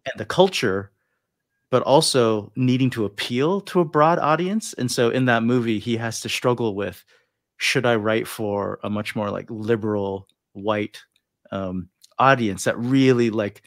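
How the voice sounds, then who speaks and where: A man hosting a livestream interview over a video call, thoughtful and hesitant, with many pauses and restarts as he works out his question. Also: medium pitch, no room sound, clean studio sound. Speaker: host. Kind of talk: interview conversation.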